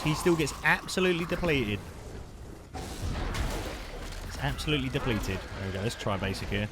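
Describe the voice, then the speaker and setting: A man giving live commentary over his gameplay, chatty and excitable, calling the listener mate. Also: mid-range voice, normal speed, pauses often. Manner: excitable, bursts into loud shouts at big plays. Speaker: gaming streamer. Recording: noisy background.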